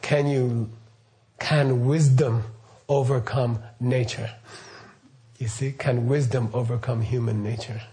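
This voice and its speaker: A middle-aged man speaks slowly in a mellow, mid-range voice with fairly even intonation. As a Buddhist teacher in casual spoken teaching, he rambles, quizzes his listeners, and uses "okay" and "right" often.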